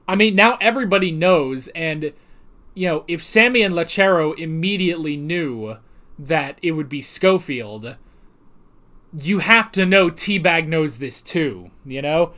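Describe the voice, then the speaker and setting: A man's voice: fairly high pitch, fairly bright tone. A man giving a casual, rambling episode commentary with a self-deprecating manner. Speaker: TV show recap vlogger.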